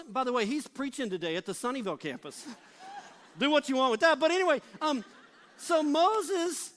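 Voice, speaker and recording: High-voiced male pastor preaching. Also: a bit bright. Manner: conversational storytelling, acts out quoted voices. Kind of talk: sermon.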